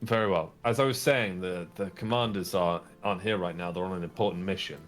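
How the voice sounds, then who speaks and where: A man with a low voice narrates a tabletop role-playing game as game master, talking loosely and restarting his phrases. Faint music plays in the background. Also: fairly quick. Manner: casual, rambling narration with restarts.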